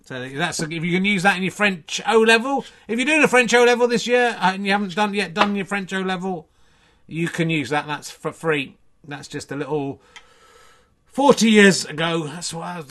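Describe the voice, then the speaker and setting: Male comic in his fifties, self-mocking and digressive, voice sits a little high. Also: expressive, a little slow, a bit bright. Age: 50s. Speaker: comedian hosting a solo snooker show. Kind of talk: rambling comic monologue.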